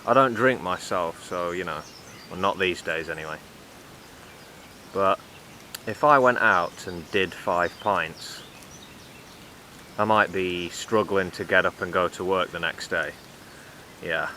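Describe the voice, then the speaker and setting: A man giving sarcastic, deadpan commentary in a vlog with dry, mocking asides. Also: low voice, slow pace, pauses often, a little hiss or hum. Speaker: vlogger.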